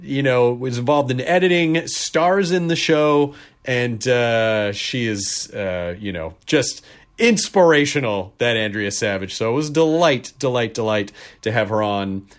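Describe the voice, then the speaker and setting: A male podcast host talks through his show in a loose, joking way, padding his sentences with filler words and wry asides about himself. His voice sits at an ordinary middle pitch. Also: animated, measured pace. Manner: chatty and jokey, frequent filler words, loose self-deprecating asides. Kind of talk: casual podcast monologue with listener mail and ad read.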